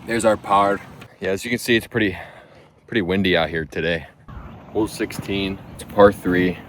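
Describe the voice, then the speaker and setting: A man's voice: sits low, fairly even intonation, moderate pace, fairly bright tone. A man calling his own golf shots in casual, joking play-by-play outdoors on a windy course. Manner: laid-back, joking. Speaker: golf vlogger.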